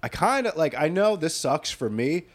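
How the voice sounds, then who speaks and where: A man's voice: a little high, normal speed. Casual: chill guy telling a story on a podcast, swears a bunch. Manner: laid-back, swears a lot, animated when telling stories. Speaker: podcast co-host.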